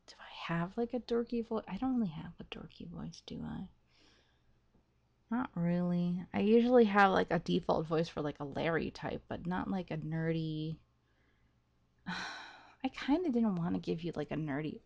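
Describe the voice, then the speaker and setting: A woman hosting a game playthrough, talking excitedly and rambling as she thinks aloud, laughing often. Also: fairly low pitch, a little slow, creaky, lo-fi sound. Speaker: let's play host. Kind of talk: gaming commentary.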